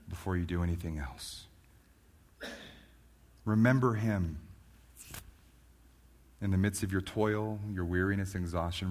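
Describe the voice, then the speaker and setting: A man preaching a sermon as a pastor, moving from quiet reflection to loud, fervent emphasis. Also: low voice.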